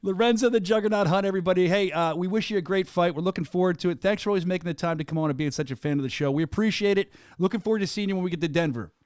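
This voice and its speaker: A man's voice: sits high, racing, few pauses, a little mellow, clear, resonant tone, no echo, studio quality. A male podcast host and event announcer, chatting energetically in a rambling hype-man way as he interviews a guest. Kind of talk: casual interview chat.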